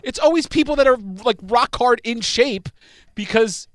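A man's voice: very high voice, normal speed, a bit bright, dry recording, studio quality. A man in casual chat, bantering in a joking, rambling way.

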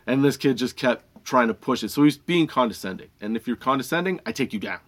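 A man's voice: medium pitch, animated, brisk. A man who works in a dispensary tells a rambling, profane story in a casual vlog and laughs often as he talks. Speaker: dispensary budtender and product reviewer.

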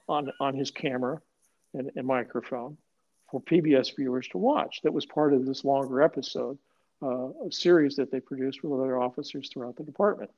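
A man's voice: mid-range voice, a little mellow, highs cut off. An older man, a retired police sergeant, telling stories bluntly and with profanity in an interview. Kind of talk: animated storytelling interview.

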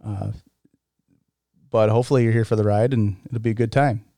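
A man's voice: fairly low pitch, fairly even intonation, brisk, dark tone, no room sound, studio quality. A man hosting his own podcast in casual solo chat, rambling and poking fun at himself, with frequent laughs. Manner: rambling, self-mocking, laughs often. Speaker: podcast host.

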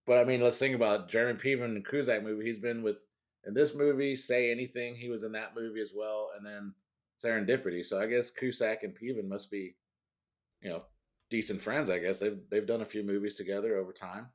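Low-pitched male podcast host, loose rambling delivery. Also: fairly even intonation, brisk. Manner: rambling, laughs often, trails off. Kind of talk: casual chat.

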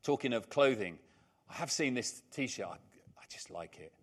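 A man's voice: mid-range voice, animated, normal speed, husky. An older man preaching a sermon, emphatic and repeating his key lines, with chatty, humorous asides.

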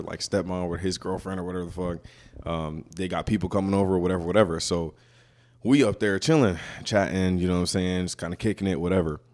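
A young man from Brooklyn talks in a casual podcast chat. His voice sits a little low for a man. He tells stories in a loose, profane, rambling way. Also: a little mellow. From Brooklyn, New York.

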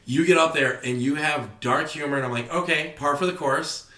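Animated, foul-mouthed young comedian. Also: male voice, a little high, fairly quick, roomy sound. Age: young adult. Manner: animated storytelling, heavy swearing. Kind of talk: casual podcast chat.

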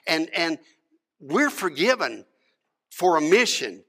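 A pastor preaching a sermon, telling a story with animated acted-out moments and dropping to a hushed tone to reflect. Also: male voice, fairly high pitch, slow.

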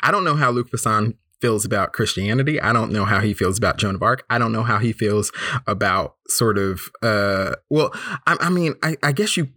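Podcast host, male, bright and forceful tone, dry close sound, rambling casual delivery. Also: lowish voice, animated, normal speed, no room sound. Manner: rambling, profane, hesitant restarts. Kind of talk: casual movie review chat.

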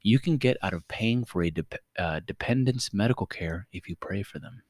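A man's voice: sits low, moderate pace, dry recording, studio quality. A young man co-hosting a casual podcast, joking around and breaking into silly put-on voices. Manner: jokey, animated, bursts into loud laughing put-on voices. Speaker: podcast co-host. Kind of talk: casual chat.

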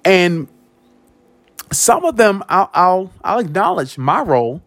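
A man's voice: sits high, slow, no echo. A man hosting a show, telling a personal story in a monologue, repeating words and acting out what others said. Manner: animated, repeats words, acts out quoted speech. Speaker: podcast host.

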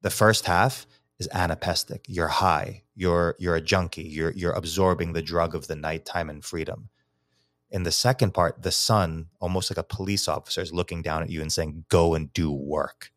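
A man's voice: low-pitched, fairly even intonation, moderate pace, fairly bright tone, dry recording. A man from New York, a teacher and psychology researcher, explaining poetry as a guest in a casual podcast interview, thinking aloud with many restarts.

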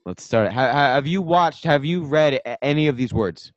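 A man's voice: mid-range voice, animated, normal speed, no echo. A man co-hosting a casual podcast, teasing his partner in dry banter. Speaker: podcast co-host. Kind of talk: casual chat. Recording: dull dry computer mic.

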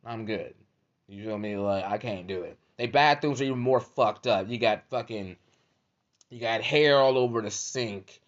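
A man's voice: fairly low pitch, moderate pace. A man delivering a profane comedic rant as a podcast host, repeating "you feel me" constantly. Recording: dull lo-fi audio.

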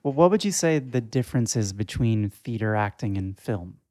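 A man's voice: on the low side, expressive, moderate pace, a little mellow, no echo. A man hosting a casual interview, who asks short, encouraging questions.

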